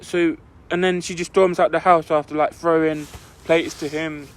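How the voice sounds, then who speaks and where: Young guy telling a story on a podcast, fairly high voice, says like a lot. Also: level tone, moderate pace. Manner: rambling, full of "like" fillers. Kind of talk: casual storytelling chat.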